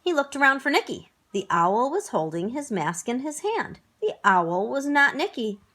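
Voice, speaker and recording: A woman's voice: high-pitched, very animated, moderate pace, a bit bright. A woman narrating a children's storybook aloud, acting out the characters expressively.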